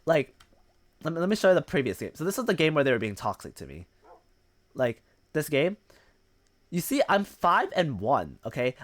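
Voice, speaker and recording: A man's voice: on the high side, fairly bright tone, no echo. A male streamer telling a gaming story in casual, profane chat, mocking the people he quotes.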